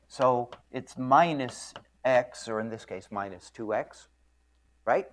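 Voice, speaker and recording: A man giving a university physics lecture in an animated storytelling manner, clearing his throat often. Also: fairly high pitch. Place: lecture room.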